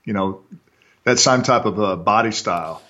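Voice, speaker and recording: A man's voice: lowish voice, moderate pace, sharp tone. A man co-hosting a casual sports talk show, easygoing and thinking aloud as he talks. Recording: dull lo-fi sound.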